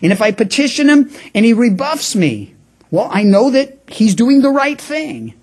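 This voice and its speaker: A man's voice: extremely high pitch, big pitch swings, normal speed, a little mellow. A man preaching a radio sermon, talking through his point in a conversational way, with frequent restarts and stammers. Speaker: pastor.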